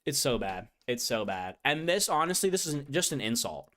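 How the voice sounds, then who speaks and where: A card game content creator rants casually about a playtest, sarcastic and exasperated. The voice is very animated, with pitch leaping and falling. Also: normal speed. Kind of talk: casual ranting playtest chat.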